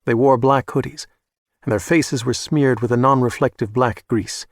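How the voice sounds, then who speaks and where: Measured man narrating a thriller audiobook. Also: mid-range voice, no echo, studio quality. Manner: measured, even storytelling.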